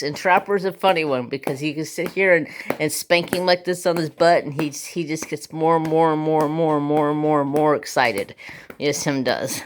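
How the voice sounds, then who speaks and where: A man's voice: fairly high pitch, steady tone, normal speed, a little hiss or hum. A man hosting a casual craft vlog, rambling about his day and cooing baby talk at his pets. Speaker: craft channel host.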